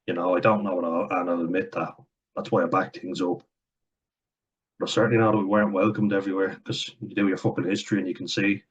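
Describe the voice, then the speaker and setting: Irish male vlogger, deep and husky, blunt sardonic ranter who swears freely. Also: flat delivery, fast talker, muffled recording. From Ireland. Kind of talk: casual opinion rant.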